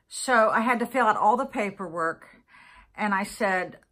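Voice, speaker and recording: A woman's voice: mid-range voice, moderate pace, bright, forceful tone. A middle-aged woman vlogger telling a long personal story in a casual, exasperated, chatty way, checking in with listeners as she goes. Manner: exasperated, chatty, full of asides like "okay?".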